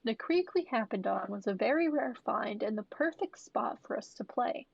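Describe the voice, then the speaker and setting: A woman's voice: on the high side, lively intonation, vocal fry, slightly rough, no echo, dull audio. A woman podcast co-host who jokes playfully and reads a listener story aloud. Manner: playful, quick to joke and laugh. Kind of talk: casual chat and story reading.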